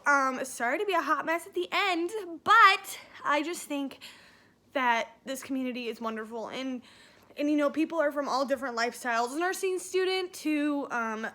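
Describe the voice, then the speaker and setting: Tearful young woman, bright voice. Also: fairly high pitch. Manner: tearful, halting, many fillers and restarts. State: emotional, near tears. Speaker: nursing student sharing a testimonial. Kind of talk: emotional personal vlog.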